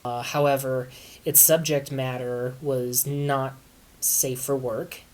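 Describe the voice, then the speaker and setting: A woman reading fan fiction aloud in a measured, deadpan way, as the host of her channel. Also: extremely low pitch, slight background noise.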